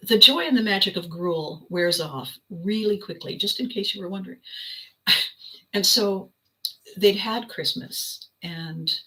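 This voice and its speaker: An older woman hosting her own video, telling a personal story in a casual, animated way with frequent laughter. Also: fairly low pitch, poor audio. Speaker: vlog host.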